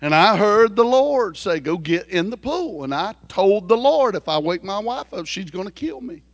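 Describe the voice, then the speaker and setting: A man preaching a sermon through folksy, joking stories, animated and lively. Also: high-pitched, normal speed, dry recording. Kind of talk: storytelling sermon.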